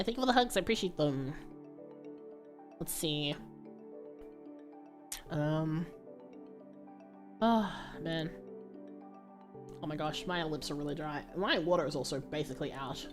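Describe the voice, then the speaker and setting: A woman streamer with a naturally low voice chats casually with her viewers. Her talk wanders and is full of fillers and easy laughs, with soft music faintly behind her. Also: expressive, measured pace, pauses often. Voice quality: low-pitched voice. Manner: rambling and chatty, with fillers and laughs. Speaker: livestreamer. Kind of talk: casual livestream chat.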